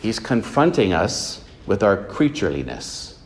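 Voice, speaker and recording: A man's voice: on the low side, big pitch swings, measured pace, a little hiss or hum. A man preaching a sermon in a church, mixing plain storytelling with earnest, emphatic points. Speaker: pastor.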